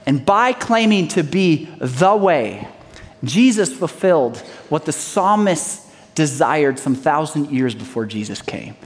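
A man preaching a sermon as pastor, swinging between loud declarations and hushed lines, and acting out folksy small-town dialogues. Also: a little high, sing-song, slow pace. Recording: long hall reverb.

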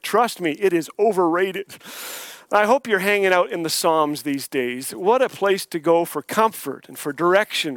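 A man's voice: sits high, fairly bright tone, dry recording. An older man preaching a sermon as a guest speaker, telling jokes and folksy stories. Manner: folksy, joking storyteller. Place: church sanctuary.

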